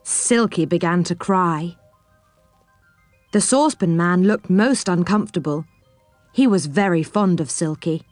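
A woman reading a children's chapter book aloud, gently and expressively. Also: lowish voice, dry recording, faint music behind. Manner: slow, gentle, expressive reading with voices for characters. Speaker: storybook reader.

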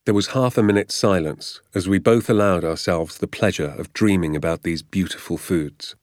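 A man narrating a storybook as an audiobook reader, in measured, lively storytelling. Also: low-pitched, no echo, studio quality.

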